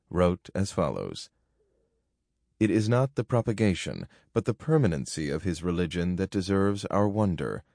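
A man reading a nonfiction book aloud in a measured, formal narration. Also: fairly low pitch, a little mellow, no room sound, studio quality. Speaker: audiobook narrator.

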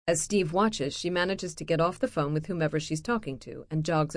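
A woman narrating an audiobook in a steady, measured read, recorded close in a studio booth. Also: sits low, no echo.

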